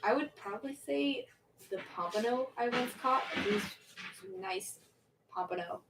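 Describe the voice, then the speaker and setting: A woman's voice: a little high, expressive, measured pace, vocal fry, recorded from a distance, music in the background, low-quality recording. A young woman hosting a livestream, chatting casually and answering viewer questions, rambling and restarting her sentences with little laughs. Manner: rambling, self-interrupting, giggly. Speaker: livestream host.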